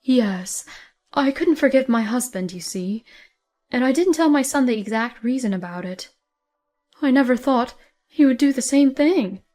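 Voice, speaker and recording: A woman voicing a stern, outraged older mother-in-law who scolds firmly and deliberately. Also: sits high, animated, a little mellow, soft background music. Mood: sad.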